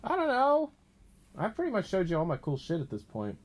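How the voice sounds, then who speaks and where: A man's voice: high voice, wildly swooping pitch, a little fast. A man from the United States chatting casually on a live stream, rambling and joking as he reads chat and donations aloud. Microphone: desk mic.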